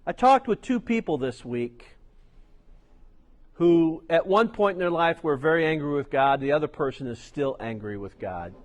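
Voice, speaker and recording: A man's voice: a little high, lively intonation, moderate pace. A middle-aged man preaching a sermon as pastor, telling stories with chatty asides. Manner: storytelling, conversational asides.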